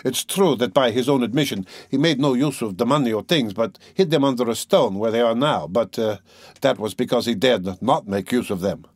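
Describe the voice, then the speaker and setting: A manipulative gentleman, measured and insinuating, pausing as he picks his words, voiced by a man reading an audiobook. His voice sits at a plain middle pitch. The recording is dry and close. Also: dry recording, lightly acted.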